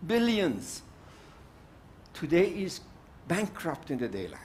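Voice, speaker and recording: Speaking slowly in a rather high, very animated voice, an older South African man delivers an emphatic address on a summit panel. He is outspoken and keeps repeating himself for force. Slight background noise is audible.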